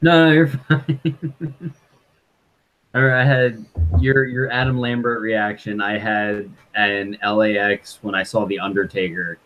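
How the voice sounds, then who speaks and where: A man's voice: fairly low pitch, steady tone, a little slow, highs cut off. Laid-back man chatting as guest. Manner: laid-back, laughs along, short replies. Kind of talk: casual live-stream chat.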